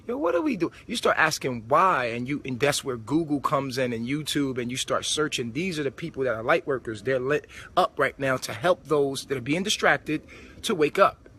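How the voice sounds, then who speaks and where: A man's voice: mid-range voice, normal speed, bright, forceful tone, a little hiss or hum. A man giving a casual spiritual monologue, preachy and full of street slang. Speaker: spiritual vlogger. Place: old supermarket converted to a club.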